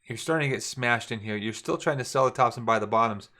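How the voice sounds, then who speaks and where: A man's voice: mid-range voice, quick pace, sharp tone. A middle-aged man giving a casual, repetitive trading lesson while drawing on charts. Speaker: trading instructor. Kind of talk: screen-share trading lesson.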